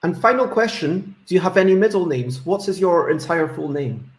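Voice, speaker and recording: A man hosting a casual interview show. He asks questions in a relaxed, hesitant way with many "um"s. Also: high-pitched, moderate pace. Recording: roomy echo.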